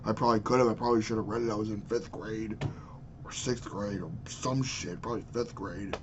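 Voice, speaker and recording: A man's voice: lowish voice, fairly even intonation, fairly quick, lo-fi sound, background noise. A man in his twenties ranting angrily and profanely about politics into his webcam. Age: 20s. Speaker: vlogger. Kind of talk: political rant.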